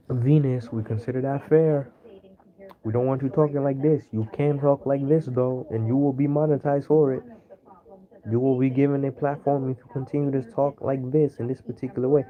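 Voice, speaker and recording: A man's voice: medium pitch, muffled recording. A man hosting an astrology video, rambling in an unscripted monologue and searching for words with many fillers.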